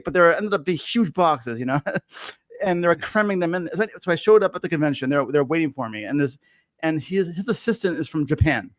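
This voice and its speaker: Man, mid-high voice, rambling storyteller, lots of fillers and false starts, dry close sound. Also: animated, brisk, no echo. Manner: rambling storyteller with many fillers and restarts, laughs often. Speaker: guest telling a story. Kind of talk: casual chat.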